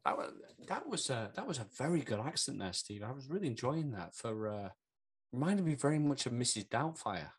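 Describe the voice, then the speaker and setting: Brief: male co-host, relaxed conversational tone, stumbles and repeats himself. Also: mid-range voice, fairly quick, husky. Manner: chatty, hesitant, repeats words. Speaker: podcast co-host. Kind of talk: casual chat.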